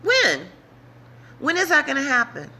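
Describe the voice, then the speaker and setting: Woman vlogger, bright voice, higher pitch, urgent preaching to her followers. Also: wildly swooping pitch, measured pace. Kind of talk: impassioned direct-to-camera talk.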